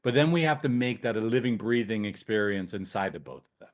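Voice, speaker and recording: A man's voice: on the low side, animated, brisk. Jokey, swearing male therapy trainer. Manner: loose, jokey, profane, tangents. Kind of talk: casual training talk.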